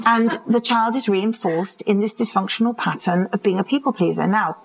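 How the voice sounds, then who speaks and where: A woman's voice: mid-range voice, moderate pace, creaky, slight background noise, rough recording. Woman speaker at a live conference. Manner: vivid storytelling, acts out quoted voices. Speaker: addiction expert speaking live. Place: conference hall, live audience.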